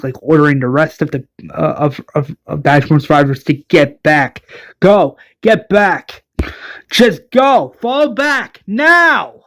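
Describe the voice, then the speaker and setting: A man casually narrating a recap of his own fan-made series. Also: fairly high pitch. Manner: casual, loose, filler-heavy.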